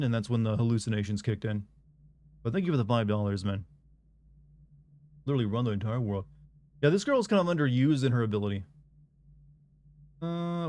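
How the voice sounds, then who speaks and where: A young man streaming a video game, chatting casually in a monotone and rambling with restarts. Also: medium pitch. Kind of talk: casual chat while streaming.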